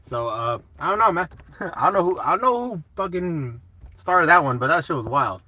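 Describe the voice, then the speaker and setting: A man's voice: a little high, animated, normal speed, bright, forceful tone, dry recording. A young man hosting a casual live chat, laid-back and swearing a lot while answering comments.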